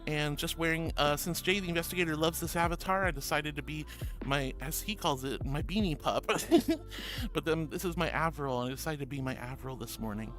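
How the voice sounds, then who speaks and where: A woman's voice: deep voice, fairly quick, a bit bright, faint music behind. A woman VTuber streamer in casual live-stream chat, playful and affectionate, giggling as she greets viewers and reads their messages aloud.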